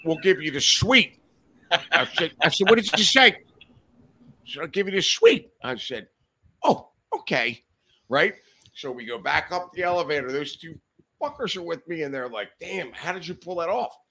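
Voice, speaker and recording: A man's voice: on the high side, very animated, normal speed, bright, forceful tone. A man guest on a casual podcast, telling profane, rowdy anecdotes and acting out the quotes. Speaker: podcast guest, reptile breeder. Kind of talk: casual storytelling chat.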